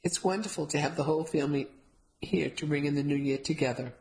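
A woman voicing a warm, doting middle-aged mother with fond, sighing speech. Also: low voice, fast talker, rough recording.

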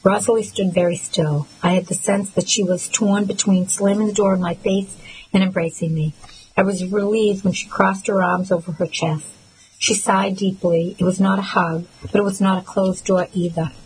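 A woman narrating a novel in the first person, with a soft, measured, emotional reading. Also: mid-range voice, steady tone, slight background noise, rough recording. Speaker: audiobook narrator.

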